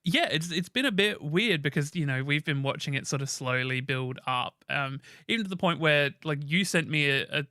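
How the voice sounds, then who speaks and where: A man co-hosts a chatty podcast, his voice pitched a little high and strikingly bright. He rambles excitedly and swears now and then. The sound is dry and close. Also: normal speed, few pauses, no echo. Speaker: podcast co-host. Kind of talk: casual chat.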